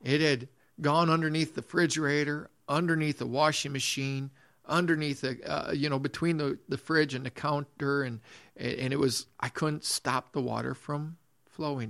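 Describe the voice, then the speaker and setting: A man's voice: on the high side, steady tone, moderate pace, creaky, fairly bright tone. A man preaching a sermon in earnest, repeating his phrases, restarting sentences and reading scripture aloud. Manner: reads scripture in old-fashioned phrasing. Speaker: pastor.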